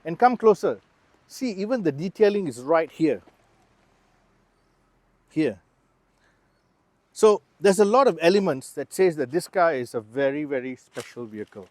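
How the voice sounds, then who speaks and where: A man's voice: a little high, expressive, a little slow, long pauses, darkish tone, no echo. A man giving a chatty, explanatory car review, talking straight to the viewer beside and inside the car. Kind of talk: casual car review walkaround.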